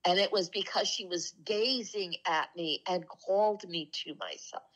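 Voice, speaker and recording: A woman telling heartfelt personal stories in a casual spiritual talk, earnest and slowing down softly for the emotional moments. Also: lowish voice, rough recording. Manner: earnest, slows down and drops soft for emotional moments. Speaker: co-host of a spiritual talk show. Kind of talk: casual conversational storytelling.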